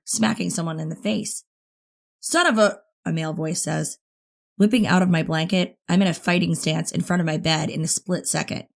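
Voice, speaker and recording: A woman narrating a first-person teen thriller audiobook in an expressive, intimate way. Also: lowish voice, vocal fry.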